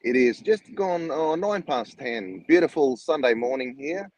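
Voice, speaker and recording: A man's voice: mid-range voice, expressive, measured pace, a little mellow, dry recording, highs cut off. A man with an Australian accent, a guest chatting cheerfully on a podcast. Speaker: guest belt maker. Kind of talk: casual interview chat.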